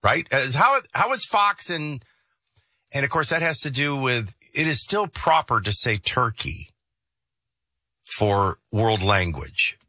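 A man's voice: mid-range voice, very animated, slow pace, sharp tone, no room sound, clean studio sound. A man hosting a morning talk radio show, chatting casually about sports and reading the news. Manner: chatty, conversational, with frequent restarts. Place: radio studio. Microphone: studio microphone.

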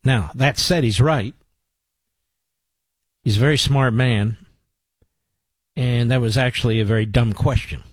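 A man's voice: medium pitch, a little slow, long pauses, husky. A male talk radio host delivers commentary into a studio microphone, emphatic and building his points through repetition. The sound is dry and close, with no room echo.

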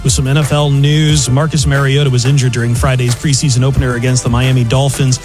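A man anchoring a sports news desk, reading scores briskly with casual asides. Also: mid-range voice, flat delivery. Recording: music bed playing under voice.

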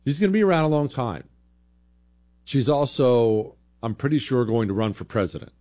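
A man's voice: medium pitch, moderate pace, dark tone. A man hosting a political talk show, giving blunt, sarcastic opinion commentary in a conversational way.

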